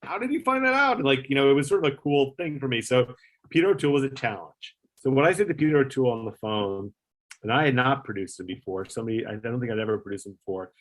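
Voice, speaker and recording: A man's voice: mid-range voice, quick pace. A man who used to produce a talk show, telling a long backstage story in a casual, rambling way, with lots of fillers and some swearing. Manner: rambling, filler-heavy, animated retelling with swearing.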